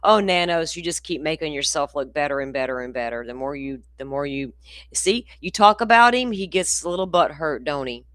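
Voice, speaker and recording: A woman's voice: low voice, animated, fairly quick, a bit bright, no echo, clean studio sound. A grandmother chatting folksily with her livestream viewers from home. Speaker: true crime channel host. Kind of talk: casual livestream chat. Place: indoors at home in the country.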